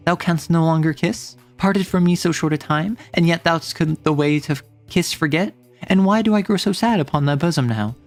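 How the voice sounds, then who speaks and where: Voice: medium pitch, natural voice. A streamer voicing a doomed young woman who pleads anguished verse from a prison cell, in a dramatic reading of a classic play.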